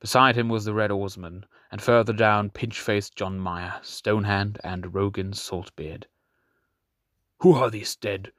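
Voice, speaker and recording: A man narrating a fantasy audiobook in a steady, measured storytelling manner. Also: on the low side, dry recording, clean studio sound.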